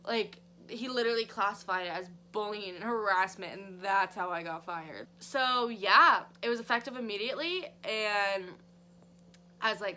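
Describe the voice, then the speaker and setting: A woman vlogger telling a story in a casual, animated way, swearing freely and acting out her reactions. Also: mid-range voice, normal speed, a little hiss or hum. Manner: profane, animated, dramatic.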